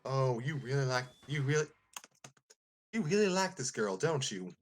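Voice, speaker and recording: A man voicing a cheerful male cartoon mail carrier bird in a high, excited voice. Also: moderate pace. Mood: cheery.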